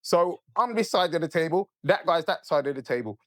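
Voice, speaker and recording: A man's voice: a little high, a little fast, no echo, clean studio sound. A man telling a long story as a podcast guest, swearing freely and checking in with his listener. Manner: animated, profane, keeps asking "right?". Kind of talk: casual storytelling.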